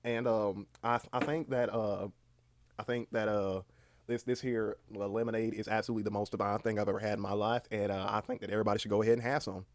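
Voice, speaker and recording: Young man, livestream host, casual chat, low voice, halting and rambling, deadpan self-mockery. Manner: rambling and halting, with many restarts; deadpan, self-mocking humor.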